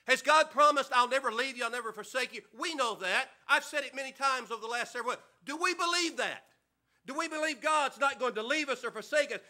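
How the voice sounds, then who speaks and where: A pastor preaches in a church, repeatedly asking his congregation whether they believe and calling out for an amen. His voice sits high for a man and rings sharp, bright and forceful. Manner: preaching with call-and-response questions. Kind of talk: sermon. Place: church sanctuary.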